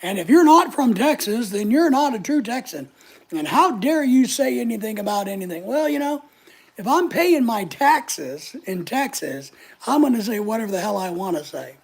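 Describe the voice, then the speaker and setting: Gravelly, husky older woman chatting. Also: a little high, very animated, normal speed, a little mellow. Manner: chatty, blunt and opinionated. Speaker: channel host answering live chat. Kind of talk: casual live chat.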